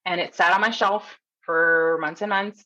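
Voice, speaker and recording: Woman, low-pitched voice, lively storyteller, podcast guest, nurse coach. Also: a little slow, lo-fi sound. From Canada. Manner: animated storyteller, acts out quotes, laughs often. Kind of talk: casual storytelling interview.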